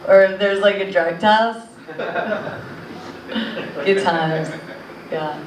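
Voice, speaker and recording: A young woman doing a stand-up set in a comedy club, rambling with lots of fillers. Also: medium pitch. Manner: rambling, filler-heavy delivery. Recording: echoey club audio from a distance.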